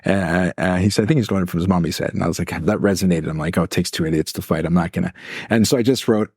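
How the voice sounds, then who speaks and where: A man co-hosting a podcast as a life coach, telling a long story in an animated way, acting out voices and laughing often. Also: sits low, quick pace, slightly rough, no room sound, studio quality. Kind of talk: casual storytelling chat.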